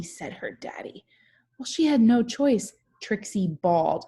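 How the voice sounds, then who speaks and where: A woman's voice: mid-range voice, animated, moderate pace, mellow, husky. A young woman teacher reads a picture book aloud to children, chatting and asking them questions along the way.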